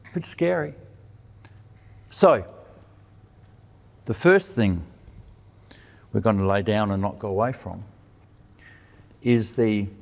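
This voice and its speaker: Talky male preacher in a reverberant hall. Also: creaky. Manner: lively, asks and answers his own questions; acts out quoted dialogue with shifts in pitch. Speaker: preacher and teacher. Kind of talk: conversational sermon.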